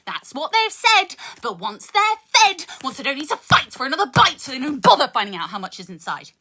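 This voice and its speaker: A woman's voice: high voice, big pitch swings, fairly quick, bright, forceful tone. A woman from the UK performing intense spoken word and rap live on her phone, swearing and switching between verses and chat. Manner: intense, swearing, shifts between rapping and chatting.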